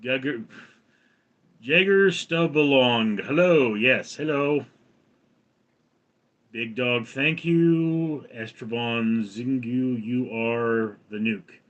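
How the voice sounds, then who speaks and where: A man's voice: medium pitch, steady tone, slow pace, highs cut off. Rambling man chatting on a livestream. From United States. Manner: rambling, reads viewer comments aloud and chats back. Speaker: livestream host. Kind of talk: casual livestream chat.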